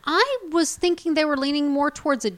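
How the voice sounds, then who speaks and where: A woman's voice: high-pitched, fairly quick. A woman co-hosting a podcast in casual chat, chatty and prone to trailing off and restarting. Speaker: podcast co-host.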